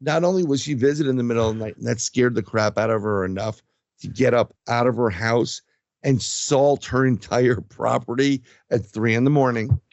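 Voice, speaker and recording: A man telling an animated ghost story, lo-fi. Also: mid-range voice, normal speed, gravelly, dry recording. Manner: animated storyteller, acts out quotes. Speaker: paranormal investigator guest. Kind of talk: casual storytelling interview.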